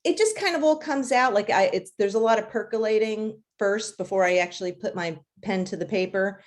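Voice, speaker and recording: A woman's voice: medium pitch, brisk. A woman who writes children's books, answering interview questions in a chatty way, with many fillers and light laughs. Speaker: children's author.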